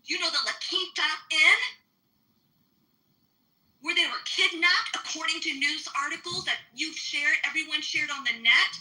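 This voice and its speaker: A woman's voice: high-pitched, pushed and bright, rough recording. A woman ranting angrily in a live audio chat room, swearing and firing off rhetorical questions. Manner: angry, profane, rapid rhetorical questions.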